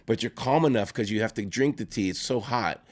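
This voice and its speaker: Earnest lower-voiced man giving advice. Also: fairly quick. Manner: earnest, repeats himself and restarts phrases, tags points with "right?". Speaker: guest pastor and life coach. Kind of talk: conversational advice in an interview.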